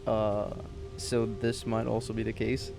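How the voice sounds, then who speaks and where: A man's voice: lowish voice, flat delivery, unhurried, vocal fry, music in the background. A man hosting a let's play, chatting casually as he plays and reading game text aloud. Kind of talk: casual gameplay commentary.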